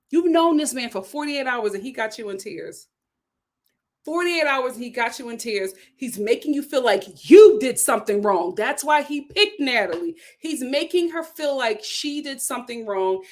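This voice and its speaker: A woman hosting a vlog, giving blunt, sassy commentary while recapping a reality show. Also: fairly high pitch. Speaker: vlog host.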